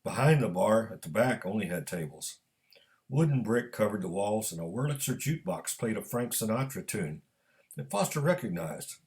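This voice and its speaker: A man narrating a story at a measured pace. His voice is low, and his pitch moves with lively expression. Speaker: author and storyteller. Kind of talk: reading a story aloud.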